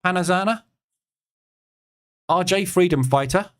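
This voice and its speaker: A man's voice: high voice, unhurried, clean tone. Casual man talking markets. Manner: casual, thinks aloud with many fillers and asides. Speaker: trading stream host. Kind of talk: live market commentary.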